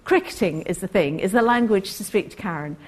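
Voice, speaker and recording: A woman telling a workplace story in a talk, animated and acting out the people she quotes. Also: mid-range voice, fairly quick, husky. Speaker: co-host.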